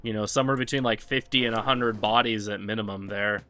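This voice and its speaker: A man's voice: lowish voice, fairly even intonation, quick pace, sharp tone. A man casually commenting on his live-streamed game speedrun, rambling with lots of fillers.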